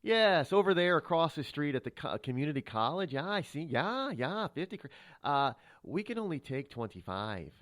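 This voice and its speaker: A man's voice: a little high, sing-song, moderate pace, few pauses, a bit bright, dry recording, clean studio sound. A man voicing a sweet-talking, patronizing college admissions official with a Minnesota accent who keeps calling you dear. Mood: sugary.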